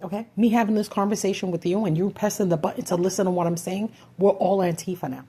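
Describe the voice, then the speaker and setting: A woman's voice: medium pitch, steady tone, quick pace, warm tone, husky. A woman vlogger delivering an urgent, frustrated rant to her viewers, full of rhetorical questions and swearing. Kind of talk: impassioned political rant.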